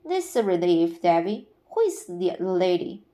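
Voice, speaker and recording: A woman reading aloud, voicing a patient, imaginative young woman who talks in a gentle, storytelling way. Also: fairly low pitch, big pitch swings, normal speed.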